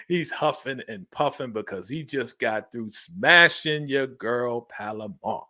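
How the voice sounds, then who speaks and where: A man giving a casual, animated TV episode recap, laughing often and acting out the characters' lines. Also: mid-range voice, slow. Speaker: recap host.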